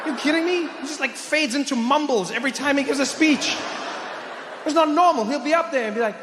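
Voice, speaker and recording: A man performing a stand-up comedy set, animated, hammering home repeated punchlines. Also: extremely high pitch, fairly quick, background noise. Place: live comedy venue. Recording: echoey live hall. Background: audience laughter.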